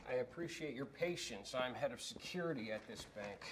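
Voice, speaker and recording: An actor playing a composed male head of bank security who speaks with measured, formal politeness. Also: mid-range voice, animated, background noise, natural voice.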